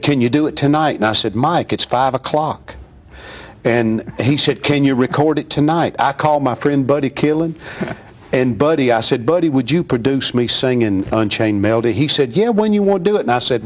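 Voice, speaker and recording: Folksy man spinning a yarn. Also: medium pitch. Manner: folksy, laughing anecdotes with quoted voices. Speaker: guest singer. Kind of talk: casual storytelling.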